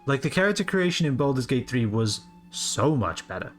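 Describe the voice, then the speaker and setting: A man's voice: mid-range voice, big pitch swings, a little fast, faint music behind. A man in his late twenties giving rambling, casual live commentary on a game he is streaming, swearing freely as he goes. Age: late 20s.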